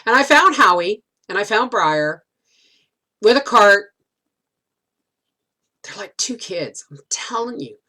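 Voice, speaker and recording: A woman's voice: medium pitch, animated, slow, long pauses, sharp tone. A middle-aged woman telling a rambling story in a casual vlog, with many restarts. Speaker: homesteading vlogger.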